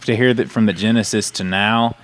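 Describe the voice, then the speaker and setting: A wrestler guest speaking earnestly in a casual interview. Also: male voice, fairly low pitch, fairly even intonation, fairly quick.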